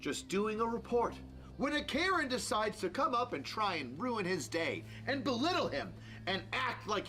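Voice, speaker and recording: Animated sarcastic man ranting. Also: very high-pitched. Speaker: streamer reacting to a video. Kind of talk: sarcastic reaction commentary.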